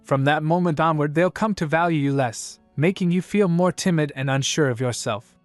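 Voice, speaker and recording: A man's voice: on the high side, normal speed, no echo, faint music behind, pitched above the performer's own voice, natural voice. A man voicing a blunt but kind young duke in a storybook recap, speaking in a straightforward, reassuring way.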